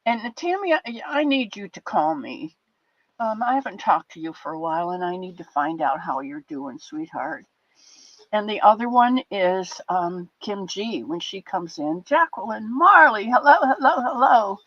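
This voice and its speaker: A woman's voice: lowish voice, big pitch swings, moderate pace, no echo. Older woman host, affectionate rambling chat, dry lo-fi stream audio. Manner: chatty, affectionate, rambling with restarts. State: a bit teary. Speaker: livestream host. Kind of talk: casual chat with live chat viewers. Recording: dull lo-fi dry sound.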